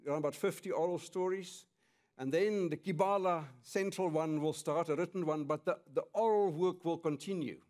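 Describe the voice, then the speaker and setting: A man's voice: fairly high pitch, a little mellow. A man presenting at a conference, speaking in an earnest, enthusiastic way.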